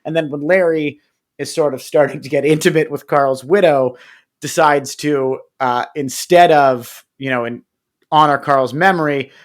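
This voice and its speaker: A man's voice: a little high, moderate pace. A man co-hosting a sports podcast, talking in a hesitant, filler-heavy way and telling jokes. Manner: hesitant, many fillers and restarts, tells jokes. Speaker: podcast co-host. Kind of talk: casual chat.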